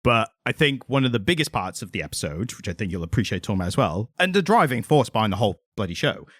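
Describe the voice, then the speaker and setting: A man co-hosting a podcast in casual chat, relaxed and jokey, laughing easily. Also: fairly low pitch, quick pace, no room sound, studio quality. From Britain. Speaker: podcast co-host.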